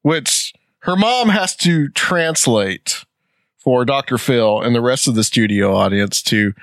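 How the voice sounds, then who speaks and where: Man, podcast co-host, casual storytelling with jokes and laughs, mid-pitch voice, dry close mic. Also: lively intonation, takes it slowly, fairly bright tone, no room sound. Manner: jokey, tangent-prone, laughs often. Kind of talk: casual chat.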